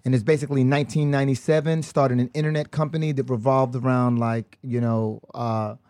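A man's voice: mid-range voice, level tone, brisk, mellow. A man from the West Indies, a guest on a podcast, talking in a loose, laid-back way with lots of fillers and chuckles. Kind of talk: casual podcast chat.

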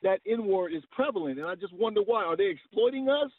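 A man's voice: sits high, animated, fast, no room sound. A man in his fifties calling in to a talk radio show, earnest and often repeating words as he searches for how to put things. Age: 50s. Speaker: caller. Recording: tinny phone line.

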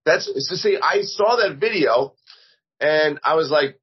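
A man's voice: fairly high pitch, lively intonation, a little slow, slightly rough, dull audio. A middle-aged man chatting as a guest over a video call, rambling with many restarts. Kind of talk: casual chat.

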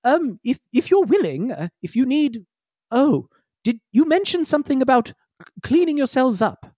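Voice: high voice, sing-song, normal speed, dark tone, no echo, studio quality, pitched above the performer's own voice. A game master voicing a polite, earnest spider-legged research robot that talks formally and hesitantly.

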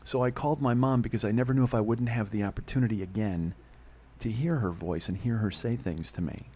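A man hosting a podcast and telling a candid personal story in a fast, profane, casual way. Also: on the low side, dark tone, slightly rough. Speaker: podcast host. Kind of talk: storytelling monologue.

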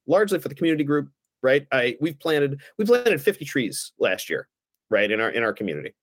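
A man, a guest on a podcast, telling stories in a casual, animated way and acting out the other people's lines. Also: fairly high pitch, no room sound, studio quality. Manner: animated anecdotes, acts out the other voices. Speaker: guest, former aldermanic candidate. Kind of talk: casual storytelling.

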